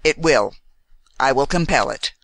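Confident playful American man, read by an audiobook narrator; animated, close and dry. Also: medium pitch, measured pace, no echo. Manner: playful, self-assured. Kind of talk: audiobook dialogue reading.

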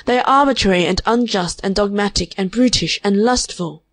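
A woman reading an audiobook, voicing a fervent, prim spinster who preaches against men in a high-strung, vehement way. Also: brisk, no echo, natural voice. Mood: preachy. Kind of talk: audiobook character voice.

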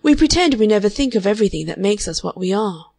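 A woman's voice: medium pitch, expressive, quick pace, creaky, darkish tone, no room sound, studio quality. A woman reading an audiobook, voicing a frank, curious young woman who asks probing questions thoughtfully. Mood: earnest. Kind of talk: audiobook character voice.

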